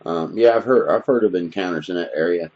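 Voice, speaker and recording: A man's voice: low voice, a little fast. A man hosting a casual interview, laughing easily and asking short follow-up questions. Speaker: host. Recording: slightly dull lo-fi audio.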